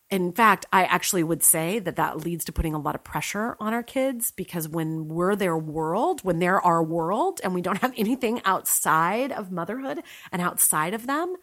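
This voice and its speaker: A woman in her forties, a life coach talking to listening mothers in an earnest, emphatic way, slowing down on key points. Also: fairly low pitch, fairly bright tone. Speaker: life coach and podcast host. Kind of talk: motivational solo talk to listeners.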